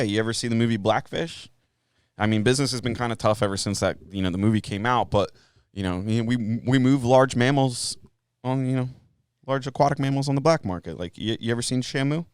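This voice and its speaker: A man's voice: mid-range voice, smooth, no room sound, clean studio sound. A man co-hosting a podcast, telling jokey stories in casual chat and acting out both sides of the exchanges. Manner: joking storyteller, acts out both sides of exchanges. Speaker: podcast co-host.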